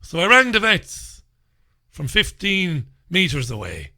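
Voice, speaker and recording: A man, hosting a radio show and telling a comic story in an animated, sardonic, swearing way from a studio. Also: sits high, slow. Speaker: radio host.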